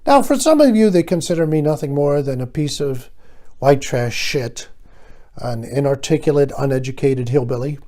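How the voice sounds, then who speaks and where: An older man hosting his own show, telling a rambling, sardonic comic monologue that swings between loud bursts and quiet asides. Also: mid-range voice, expressive, moderate pace. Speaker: host.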